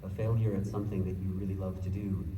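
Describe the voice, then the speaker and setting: A man gives earnest, encouraging advice from a convention stage. His low voice comes from far away, with a roomy echo and a clear hum of crowd noise. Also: flat delivery, fast, warm tone. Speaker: panel guest, voice actor. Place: large convention hall, filmed from the audience. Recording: distant, echoey convention hall recording.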